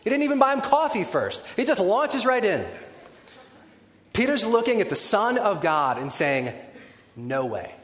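A man preaching a sermon in a conversational, animated way, with wry humorous asides. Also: high voice, normal speed. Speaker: pastor. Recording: echoey hall with long reverb.

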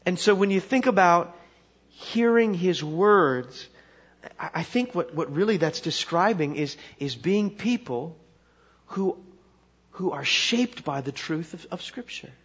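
A man preaching a sermon in a loose, conversational way, restarting phrases as he goes. His voice sits a little high for a man. The recording sounds dull and lo-fi. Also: animated, unhurried, slightly rough. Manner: conversational, with repeated restarts and a chuckling punchline delivery. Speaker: pastor.

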